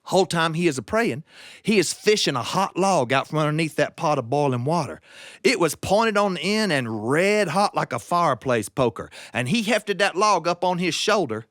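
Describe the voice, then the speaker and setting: A man's voice: fairly high pitch, lively intonation, moderate pace, a bit bright, dry recording, studio quality. A man telling a folk tale in a folksy, drawling dialect. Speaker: storyteller.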